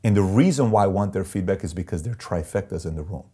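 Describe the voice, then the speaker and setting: Quick-paced and husky, his low, mellow voice carries emphatic tales from his career as a CEO. Seated for an interview, he impersonates the people in his stories with real intensity.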